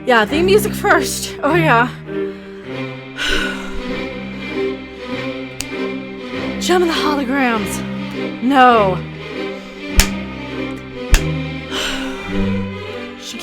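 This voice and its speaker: A woman in her forties hosting a ranting opinion vlog, emphatic and repeating herself forcefully. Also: sits high, sing-song, very slow, pauses often, loud music behind the voice. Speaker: commentary channel host.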